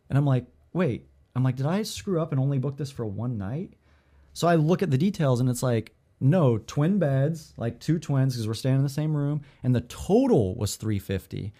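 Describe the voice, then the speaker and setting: A man co-hosting a podcast, telling a story in casual chat, animated, swearing freely and acting out the dialogue with lots of "like". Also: medium pitch, normal speed. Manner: filler-heavy, lots of "like" and "I'm like".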